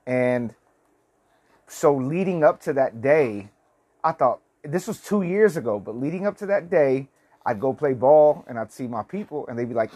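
Forties guy vlogger, swears a lot, stumbles and restarts, mid pitch. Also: lively intonation, normal speed, darkish tone, breathy edge. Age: 40s. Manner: rambling, profane, lots of restarts. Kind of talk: casual storytelling vlog.

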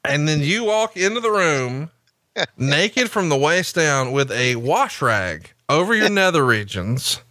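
A man's voice: fairly high pitch, very animated, measured pace, bright, forceful tone, no echo, clean studio sound. A man hosting a podcast, telling a crude, teasing story about his co-host in casual chat.

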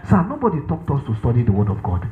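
A man's voice: mid-range voice, wildly swooping pitch, fast talker, soft background music. Emphatic male preacher on a tinny line. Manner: emphatic, repeats himself, asks the crowd if they follow. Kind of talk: sermon. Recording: echoey room on a tinny, phone-like line.

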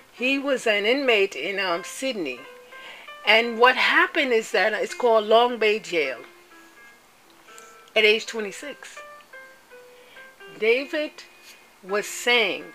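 A woman giving an impassioned monologue, speaking deliberately, stressing and repeating words and spelling some out. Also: mid-range voice, sharp tone, rough recording.

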